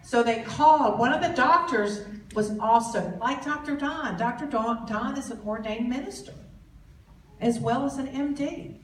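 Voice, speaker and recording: Animated woman telling a story. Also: a little high, unhurried. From Southern US. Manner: animated, acts out conversations in quoted voices. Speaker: speaker at a business boot camp. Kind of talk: storytelling presentation to an audience. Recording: echoey hall, distant mic, faint background noise.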